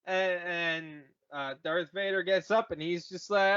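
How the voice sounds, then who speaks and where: A high, bright-voiced man rambles through a comic recap, stumbling over his words and tossing in goofy voices. The audio is a little dull and muffled. He sounds loose and playful, like he is hanging out with friends. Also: steady tone, clean tone. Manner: rambling, jokey, puts on quick silly voices. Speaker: podcast host retelling a movie. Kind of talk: casual comedic recap.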